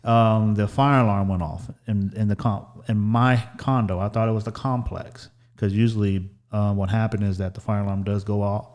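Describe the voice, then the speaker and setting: A man's voice: on the low side, steady tone, normal speed, hardly any pauses, darkish tone. A man hosting a podcast, chatting casually and telling a story with many restarts. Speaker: podcast host. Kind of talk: casual chat.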